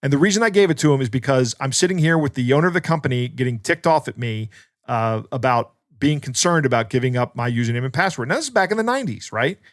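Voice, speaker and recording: A man's voice: medium pitch, animated, fast, no room sound, clean studio sound. A man co-hosting a podcast as a security expert, telling stories in casual chat with many restarts.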